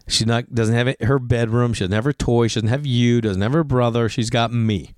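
On his podcast, a middle-aged comedian chats at a brisk clip, animated and rambling, constantly restarting and veering into asides. His pitch is medium, and the studio-quality recording has no echo.

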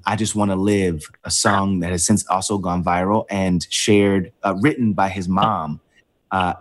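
A man being interviewed, telling a personal story with many pauses and fillers as he fights back tears. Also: low voice. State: emotional, close to tears. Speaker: interview guest.

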